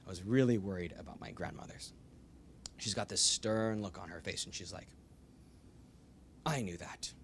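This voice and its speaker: A young American man, an author, telling a personal story to a live audience in a bookstore with lively, animated delivery. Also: sits low, brisk, a little hiss or hum. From United States. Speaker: author giving a book talk. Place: bookstore event room.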